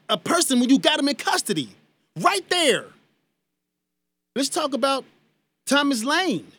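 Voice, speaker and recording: Male talk radio host, very high and bright voice, emphatic and heated, dry studio sound. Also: no room sound. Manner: emphatic, heated, addresses listeners as y'all. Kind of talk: impassioned talk radio commentary.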